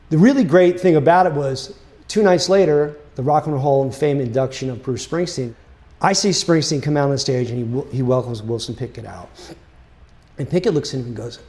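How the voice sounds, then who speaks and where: A man telling a story about his music career in a casual, animated way, full of fillers like "right?" and "you know". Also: mid-range voice, moderate pace. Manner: animated, chatty, with many fillers.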